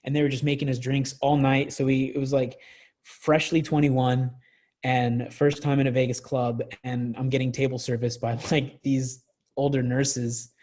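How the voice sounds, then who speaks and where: A young man telling stories as a podcast guest in a loose, rambling way, with plenty of fillers and restarts. His voice sits at a middle pitch. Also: flat delivery, moderate pace, darkish tone. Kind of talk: casual storytelling.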